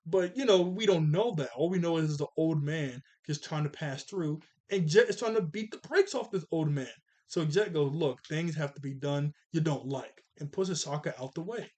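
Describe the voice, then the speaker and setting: A man casually recapping a cartoon episode, animated and chatty, acting out the characters' lines in jokey voices. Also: fairly high pitch, moderate pace. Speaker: cartoon reviewer.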